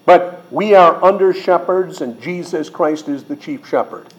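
A middle-aged man, a pastor teacher, preaching a sermon in an emphatic way, slowing and rising on quoted words. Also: fairly high pitch, lo-fi sound.

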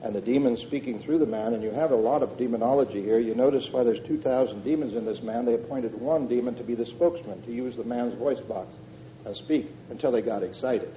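An older man preaches a verse-by-verse sermon in a loose, conversational way, pressing his points with emphasis and stumbling through fillers and restarts. His voice is dark and mellow. The recording is a dull, muffled old tape with a faint low rumble underneath. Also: brisk.

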